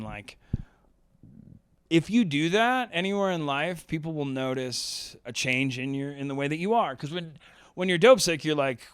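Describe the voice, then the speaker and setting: A man's voice: mid-range voice, a bit bright, smooth, no echo. Rambling man telling a story. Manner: rambling, lots of "like" and "um", laughs while telling. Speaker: podcast host telling a story. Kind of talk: casual storytelling.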